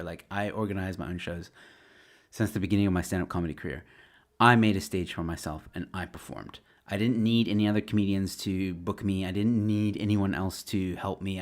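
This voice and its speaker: A man's voice: deep voice, darkish tone. A man, a stand-up comedian, chatting casually on a home livestream, rambling with lots of fillers and restarts. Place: his home. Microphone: webcam or desk mic at home.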